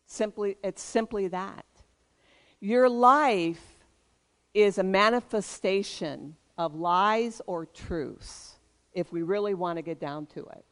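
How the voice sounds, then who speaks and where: A pastor delivers a sermon with emphatic, preaching cadences. The voice is clear and resonant, sitting in an ordinary middle pitch. The pastor calls for responses from the congregation. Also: slow, a bit bright.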